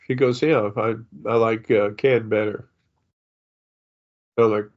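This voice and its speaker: A man's voice: mid-range voice, level tone, measured pace, pauses often. Older guy medium rambling on about spirits, sniffly, lots of uhs, kinda muffled lo-fi sound. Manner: meandering, many fillers and restarts. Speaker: psychic medium.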